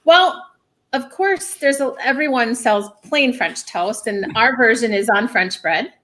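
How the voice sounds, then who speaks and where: A woman who runs a brunch spot talks as a guest on a show, friendly and easygoing. Her voice is fairly high and bright. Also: a little slow. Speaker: restaurant owner guest. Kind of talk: casual interview chat.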